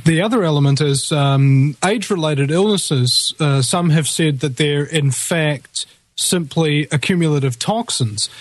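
Brief: male radio host, higher voice, dry close mic, rambling rants. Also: no echo. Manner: rambling, opinionated ranting. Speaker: radio talk show host. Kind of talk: live talk radio chat.

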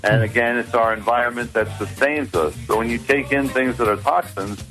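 An older man speaking as a guest doctor in a radio interview, in a measured, lecturing tone. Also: mid-range voice, a bit bright, soft background music, poor audio.

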